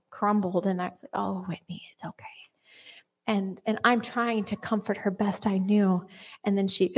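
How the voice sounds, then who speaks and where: A Christian speaker delivers earnest teaching woven with a personal story, frequently dropping to a whisper and restarting her sentences. Her voice is medium-pitched and slightly rough.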